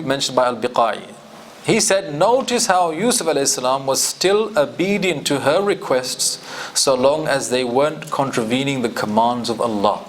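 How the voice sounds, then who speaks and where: A man's voice: mid-range voice, slight background noise. A man teaching a Quran commentary class, explaining and asking his students questions. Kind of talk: classroom tafsir lecture.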